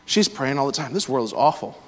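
A preacher telling personal stories in a sermon, breaking into loud exclamations. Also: male voice, mid-range voice, sing-song, brisk. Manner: storytelling, swings to loud exclamations. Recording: hall reverb.

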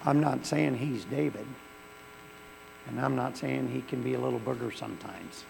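A man's voice: medium pitch, moderate pace, vocal fry. A male pastor, preaching a sermon in a church with folksy storytelling that swells into fervent preaching. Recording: long hall reverb with faint mains hum.

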